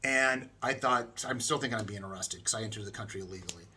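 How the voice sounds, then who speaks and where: A man's voice: fairly low pitch, fast talker, slightly rough. A middle-aged man from the United States, telling a travel story casually and acting out the people in it. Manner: animated, acts out voices of people in the story.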